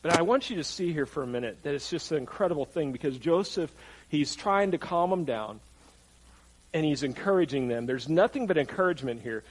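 A man's voice: a little high, slightly rough, rough recording. A man preaching a sermon in a conversational way, repeating his phrases for emphasis. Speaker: pastor.

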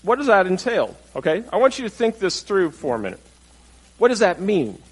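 A man's voice: high voice, big pitch swings, fairly quick, husky, low-quality recording. A male pastor preaching a conversational sermon, asking the congregation questions and acting out the people in the story. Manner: conversational, asks the audience questions, acts out quotes.

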